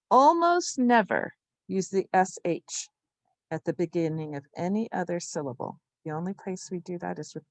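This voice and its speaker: A woman teaching a spelling lesson to young children, slowly sounding out each syllable with patience. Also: mid-range voice, no room sound.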